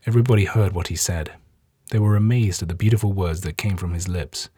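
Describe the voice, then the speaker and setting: Brief: male narrator for scripture audiobook, dark mellow tone, dry close sound. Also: deep voice, breathy edge, no room sound. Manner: steady, measured reading. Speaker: scripture reader.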